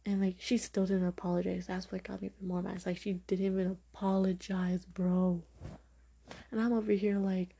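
A woman's voice: mid-range voice, level tone, moderate pace, creaky, warm tone, slightly rough. A young woman hosting a podcast, speaking frankly and opinionatedly in a casual monologue full of fillers. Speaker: podcast host.

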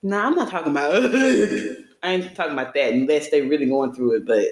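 A woman's voice: sits low, rapid-fire, reverberant. A woman co-hosting a podcast in casual chat, playful and joking as she tells stories. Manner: playful, joking, animated storytelling. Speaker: podcast co-host.

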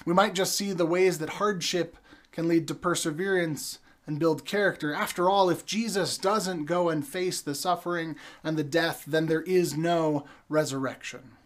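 Male preacher, young adult, slightly high voice, storytelling sermon with dramatic pauses. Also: steady tone.

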